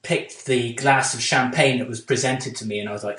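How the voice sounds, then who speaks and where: A man chats casually as a podcast co-host, drifting through a long story with plenty of ums and false starts. His voice sits at an ordinary middle pitch. The room around him gives a noticeable echo. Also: a little fast, pushed and bright, distant mic. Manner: rambling anecdotes full of fillers and restarts. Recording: roomy echo.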